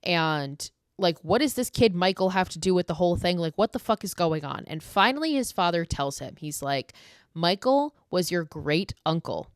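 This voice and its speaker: Casting: woman podcast host, sarcastic and foul-mouthed, lowish voice, dry close sound. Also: animated, normal speed, few pauses, clear, resonant tone, dry recording. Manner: profane, sarcastic, storytelling. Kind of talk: casual horror film recap.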